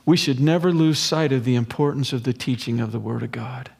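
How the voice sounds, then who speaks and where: A man's voice: mid-range voice, fairly quick, gravelly, hardly any pauses, darkish tone, slightly rough. A male pastor preaching an expository sermon in an earnest, conversational way with casual asides.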